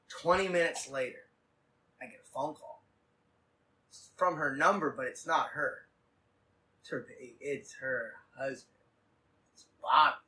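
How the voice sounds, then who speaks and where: A man hosting a casual podcast, telling a rambling, profane story in quick bursts. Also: a little high, bright, forceful tone, distant mic, low-quality recording. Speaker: podcast host.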